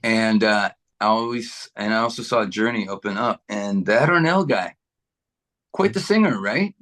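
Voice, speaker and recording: A middle-aged man from Canada, a guitarist being interviewed, chatting in a relaxed, rambling way with many restarts. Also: fairly low pitch, moderate pace. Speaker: guitarist guest. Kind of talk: casual interview chat.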